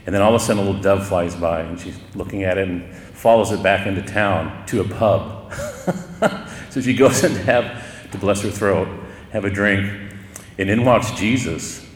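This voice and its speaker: A middle-aged man, a priest, preaching a sermon in a relaxed, conversational storytelling way with occasional chuckles. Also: sits low, normal speed, a little hiss or hum. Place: church. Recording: roomy church echo with long reverb.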